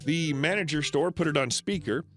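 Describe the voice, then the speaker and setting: A man narrating online stories in a steady, scripted storytelling read. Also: a little high, moderate pace. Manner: steady storytelling read with lively swings into quoted characters. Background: faint background music.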